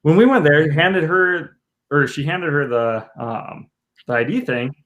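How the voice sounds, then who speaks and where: A man telling a personal story on a casual podcast, joking and animated, acting out what people said. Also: a little high, unhurried. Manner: animated, joking storyteller who acts out quotes.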